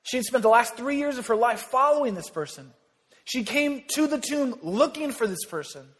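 A pastor delivers a sermon in a large church hall, where his fairly high, expressive voice rings out with long reverb at a normal speed. He stays casual and jokey with the congregation but drops almost to a whisper on the most important lines.

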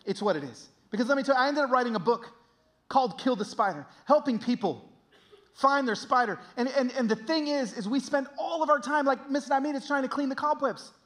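A young man preaching a sermon, telling stories with lively, animated delivery and sudden high exclamations. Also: a little fast. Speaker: pastor.

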